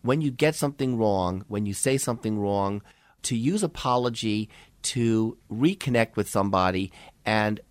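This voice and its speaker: A man's voice: on the low side, no echo. An older man, a podcast co-host who teaches medical students, talking in a thoughtful, casual way with restarts and asides. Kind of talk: casual conversation.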